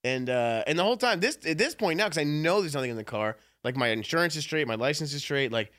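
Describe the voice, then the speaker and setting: A man's voice: a little high, animated, fast talker, a bit bright, no room sound, clean studio sound. A man co-hosting a podcast, telling a story in a casual chat full of swearing. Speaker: podcast co-host.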